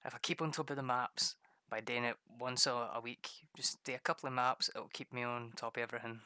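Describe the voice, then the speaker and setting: A man's voice: medium pitch, steady tone, a little fast, pushed and bright, smooth, no echo, clean studio sound. A man, chatting casually on a stream, laughing often and mimicking people. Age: 30s.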